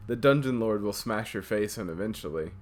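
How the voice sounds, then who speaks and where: A man's voice: fairly low pitch, expressive, a little fast, natural voice. A man voicing a sly, cheeky female cat witch in a game, talking in a teasing, coaxing way. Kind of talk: reading a game's dialogue aloud.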